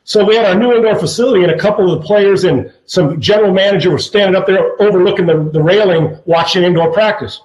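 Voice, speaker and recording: A man's voice: high voice, fast, few pauses. A man in his fifties, a former football player, telling stories casually with constant swearing and stammering restarts. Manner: profane, stammering, animated. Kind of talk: casual chat, storytelling. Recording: roomy echo.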